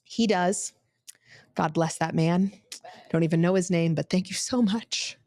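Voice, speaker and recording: A young woman, hosting a podcast and retelling a travel mishap in a lively, dramatic way with laughter. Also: on the low side, a little slow. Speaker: podcast host. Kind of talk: casual storytelling.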